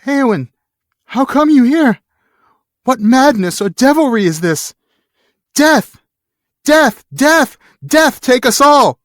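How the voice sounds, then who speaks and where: A man reading aloud as a grief-struck young warrior king, shouting in wild despair. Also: mid-range voice, lively intonation, moderate pace, no echo, studio quality, close to an everyday voice. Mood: furious.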